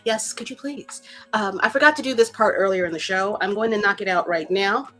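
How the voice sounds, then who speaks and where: A woman co-hosting a casual livestream chat, excitable and rambling, often laughing at herself. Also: mid-range voice, normal speed, faint music behind. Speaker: co-host.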